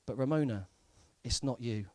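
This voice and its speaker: A young man from Southampton doing a live stand-up set in a comedy club, deadpan and hesitant, full of fillers and repeats. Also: mid-range voice, normal speed. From Southampton, England.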